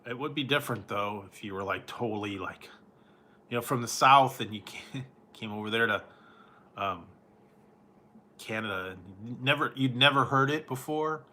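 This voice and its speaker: A man's voice: mid-range voice, moderate pace, pushed and bright. A man chatting casually with viewers on a stream, laid-back, chuckling often and slipping into joking impressions. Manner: laid-back, chuckles often, playful surfer-dude mimicry. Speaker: food vlogger chatting with viewers. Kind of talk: casual live-stream chat.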